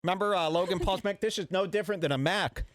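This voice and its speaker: A man hosting a radio show, ranting in a brash, mock-serious and deliberately offensive way. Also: sits high, a bit bright, no room sound, clean studio sound. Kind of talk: provocative comedic talk radio rant.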